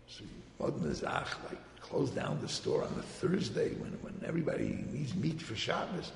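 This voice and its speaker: A man telling a religious tale to a gathering in a lively, conversational way, acting out the voices of the people in his story. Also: medium pitch, moderate pace, gravelly, hardly any pauses, a little hiss or hum. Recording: roomy hall with long reverb.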